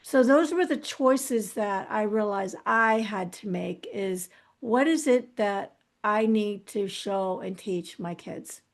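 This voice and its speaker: A middle-aged woman as an interview guest, talking candidly and reflectively about her past, often restarting her sentences. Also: mid-range voice. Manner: earnest, reflective, halting with restarts. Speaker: guest author.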